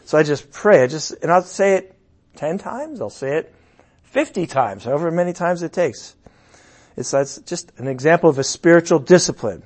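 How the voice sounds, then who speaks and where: A middle-aged man giving a sermon, his voice a touch higher than most men's. He talks in a loose, conversational way, then raises his voice for loud emphatic bursts. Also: expressive, normal speed. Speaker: pastor.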